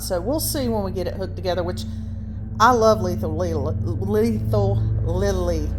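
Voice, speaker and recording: A woman's voice: mid-range voice, a little mellow. A woman chatting casually and enthusiastically through an unboxing and assembly of a Halloween prop, with frequent fillers.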